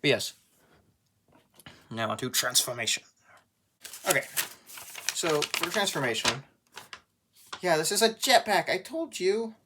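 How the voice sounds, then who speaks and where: A man's voice: a little high, big pitch swings, measured pace, pauses often, background noise. A man giving a casual toy review as a small YouTuber collector, rambling and joking at his own expense. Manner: rambling, joking, self-deprecating.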